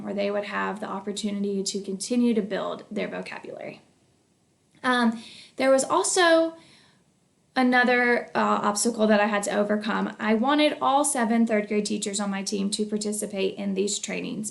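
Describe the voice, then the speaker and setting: A woman with a mid-range voice and noticeable vocal fry walks through a school project she led as a technology coach. She speaks in an earnest, measured way and often fills pauses with ums and uhs. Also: medium pitch. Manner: earnest, measured, with frequent fillers. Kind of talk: recorded capstone project presentation.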